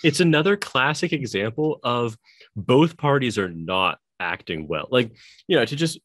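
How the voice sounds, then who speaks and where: A man co-hosting a podcast in casual discussion, animated and laughing often, with heavy fillers. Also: medium pitch, normal speed. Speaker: podcast co-host.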